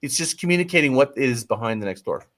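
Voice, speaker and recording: A man with a mid-range, expressive, slightly bright voice talks fast as a guest marketing coach in a casual interview. He's emphatic and pleading, often breaking off to start over, and lets slip the odd swear word.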